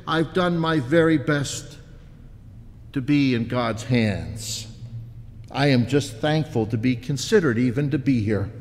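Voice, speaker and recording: A man's voice: mid-range voice, natural voice. A man voicing a humble, pious man earnestly listing his good deeds in a sermon story, with long church reverb. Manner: earnest, deliberate.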